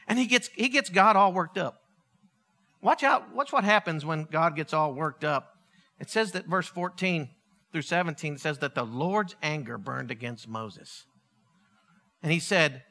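Guy preaching, really high bright voice, bouncy and jokey. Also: normal speed, pauses often. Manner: animated, joking storytelling. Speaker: pastor. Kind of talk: humorous sermon.

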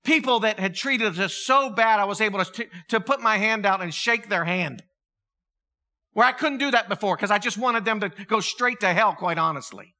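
A male pastor delivering a sermon in a conversational, animated storytelling way, laughing at himself as he goes. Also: sits high, moderate pace. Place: church.

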